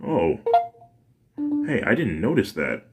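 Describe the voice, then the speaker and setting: A man's voice: deep voice, wildly swooping pitch, slow, heavy background noise, heavily acted. A man voicing a sleepy, easygoing young man in a fan story, speaking drowsily and offhandedly. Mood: drowsy.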